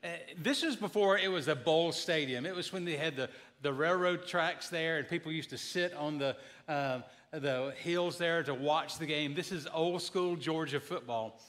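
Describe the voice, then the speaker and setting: A man's voice: a little high, moderate pace, few pauses, a bit bright. A man in his fifties preaching a sermon, telling folksy, joking stories as the pastor.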